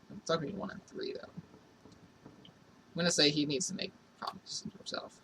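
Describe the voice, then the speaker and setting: On the high side but steady in tone, at a normal speed, a man narrates his let's play of a role-playing game. He performs all the characters' lines alone, heard through a far-off mic in a noisy room.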